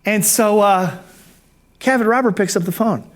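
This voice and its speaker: A man who is a professional speaker, telling a personal story in an animated way and acting out the dialogue. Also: high voice, normal speed. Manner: animated, acts out dialogue, self-amused.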